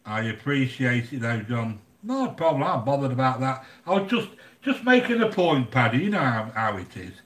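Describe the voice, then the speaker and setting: An older English man with an everyday mid-pitched voice talks casually to his viewers. He is chatty and blunt, grumbling and joking as he goes. His voice carries a noticeable room echo. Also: sing-song, normal speed. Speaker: livestream cooking channel host. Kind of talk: casual live chat with viewers.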